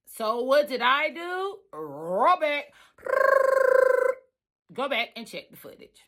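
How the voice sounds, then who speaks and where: A woman trucker telling a story in a casual vlog, animated and emphatic, repeating lines for effect. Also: high-pitched, slow pace. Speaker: trucker and trucking school staff.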